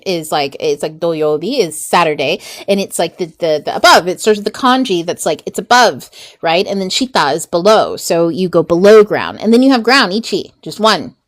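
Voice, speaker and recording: A woman host and mindset coach teaching in a casual, chatty way, swearing freely and laughing through rambling asides. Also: fairly low pitch.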